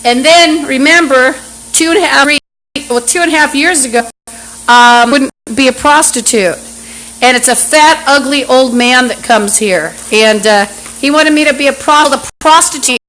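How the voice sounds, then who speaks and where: A woman's voice: high-pitched, normal speed, fairly bright tone, poor audio. A woman talking into a phone on a live stream at home, in an agitated, rambling monologue full of restarts. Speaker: livestreamer. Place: apartment indoors. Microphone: phone camera app. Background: fan and running water.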